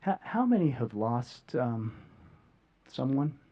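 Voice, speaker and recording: Earnest man telling a talk, halting. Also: mid-range voice, very animated, warm tone, lo-fi sound. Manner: halting, with repeated words and long pauses; earnest and heartfelt. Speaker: speaker sharing a near-death experience. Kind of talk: emotional public talk to an audience. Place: stage before a live audience.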